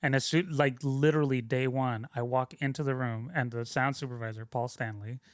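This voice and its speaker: A man's voice: mid-range voice, fairly even intonation, brisk, dry recording. Rambling guest man, dry close mic. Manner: rambling, self-interrupting, frequent "like" fillers. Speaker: podcast guest, sound mixer. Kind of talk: casual conversational storytelling.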